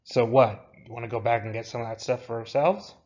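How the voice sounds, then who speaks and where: A man's voice: mid-range voice, steady tone, brisk, darkish tone, lo-fi sound, natural voice. A man doing a brash reckless young guy. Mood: blunt. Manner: blunt and crude.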